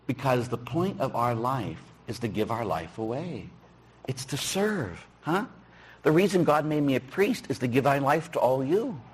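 A middle-aged man, a Catholic priest, giving a folksy, teasing sermon with a husky voice. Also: medium pitch, big pitch swings, moderate pace, a little hiss or hum. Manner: folksy, teasing, acts out dialogue with shouts. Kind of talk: sermon with storytelling.

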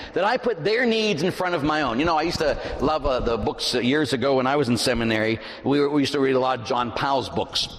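A middle-aged man, a pastor, preaching a sermon in a large church, animated and shifting between loud emphasis and hushed asides. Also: a little high. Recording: reverberant church.

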